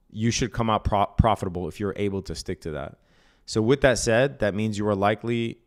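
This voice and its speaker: A man casually explaining day trading on a live stream, reading out viewer comments and answering bluntly, often with a tag "right?" and some swearing. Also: lowish voice. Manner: blunt, profane, keeps asking "right?"; reads out and answers viewer chat.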